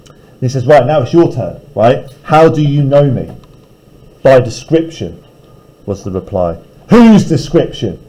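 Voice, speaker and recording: A man's voice: mid-range voice, very animated, a little slow, mellow, poor audio. A male teacher reading a novel aloud in a classroom and breaking off to explain it in casual terms. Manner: reads aloud, then paraphrases casually.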